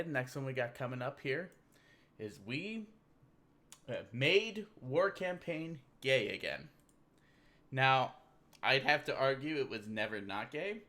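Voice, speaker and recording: A man hosting a loose, rambling livestream, cracking jokes as he goes through memes with a beer in hand. His voice is bright and sharp, with a chatty and offhand delivery. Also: medium pitch. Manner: rambling, joking, drinking beer. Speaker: livestream host. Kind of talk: casual livestream meme commentary.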